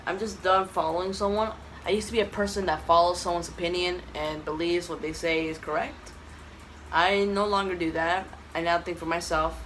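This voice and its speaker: A woman's voice: fairly low pitch, a bit bright, slight background noise, low-quality recording. A woman with a Texan accent rambling through an opinionated casual vlog, tired and correcting herself often. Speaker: YouTube vlogger. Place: indoor room, dim lighting.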